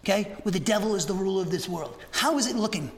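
A man preaching a sermon, animated, swinging between raised, shouting passages and hushed asides. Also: high-pitched, fast talker, a little hiss or hum. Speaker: pastor. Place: church sanctuary. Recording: reverberant church sanctuary.

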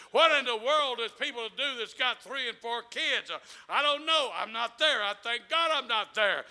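High, bright-voiced preacher man. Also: clean tone. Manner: impassioned preaching with shouted peaks and drawn-out phrases. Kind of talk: sermon. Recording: long reverb of a large hall.

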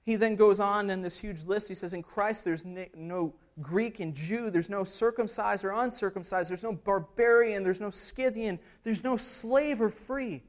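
A man's voice: high voice, moderate pace, hardly any pauses. A man preaching an expository sermon as pastor. He talks in an earnest, conversational way, checking in with "right?" and building to emphatic passages.

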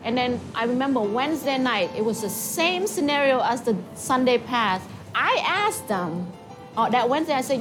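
Animated woman telling her story over music. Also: a little high, a little fast. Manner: lively storytelling, acting out dialogue. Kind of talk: personal testimony.

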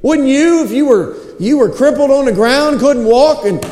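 A man preaching a sermon, telling a scripture story with lively acted-out quotes. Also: very high voice, normal speed, roomy sound, in a large hall.

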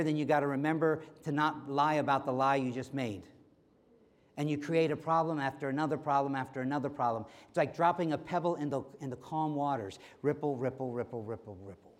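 A man preaching a sermon as pastor, animated and acting out quoted voices. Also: fairly high pitch. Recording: long hall reverb.

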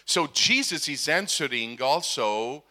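Man, middle-aged, preacher, slow, forceful bright voice, questions the audience. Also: a little high, lively intonation. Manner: asks the audience questions, emphatic. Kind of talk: sermon.

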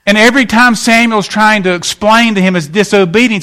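A man preaches in a folksy, storytelling way. His voice sits a little higher than most men's. He breaks into lively acted-out quotes as he goes. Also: quick pace, few pauses. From West Virginia. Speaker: pastor. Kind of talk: sermon.

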